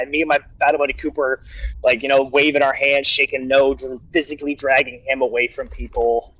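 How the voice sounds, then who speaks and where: A man's voice: on the high side, steady tone, fairly quick, a bit bright, dry recording, low-quality recording. Male storyteller, casual and rambling, acts out quotes, dry close recording. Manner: rambling anecdote with acted-out quotes and restarts. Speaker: guest storyteller.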